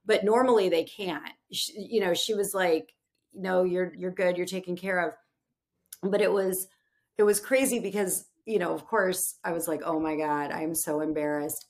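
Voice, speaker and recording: A woman in her thirties, a podcast guest in casual chat, telling a story with lively acted-out quotes. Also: mid-range voice. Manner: animated storyteller, acts out quoted voices.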